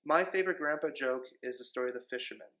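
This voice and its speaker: A young man, a grandchild, telling a joke to the camera in a relaxed storytelling way. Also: mid-range voice, rapid-fire.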